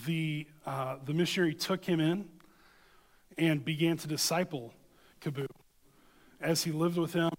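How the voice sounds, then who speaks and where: A man delivers a sermon with earnest emphasis, moving between scripture reading and storytelling. His voice sits a little high for a man. The sound carries a long reverb, as if from a church sanctuary. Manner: earnest, emphatic, addresses listeners with "okay?". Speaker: preacher.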